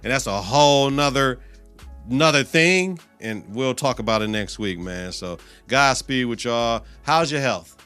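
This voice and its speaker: A man hosting his own podcast, ranting in a casual, profane way and swinging between loud outbursts and quiet asides. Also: medium pitch, measured pace, smooth, soft background music. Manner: animated, heavy cursing, swings loud and soft. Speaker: podcast host.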